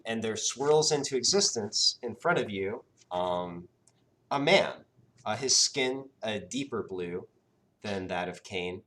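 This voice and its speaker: Slow, hesitant male game master. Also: on the low side, a bit bright, a little hiss or hum. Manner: hesitant, many "um" and "sort of". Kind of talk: narrating a tabletop game.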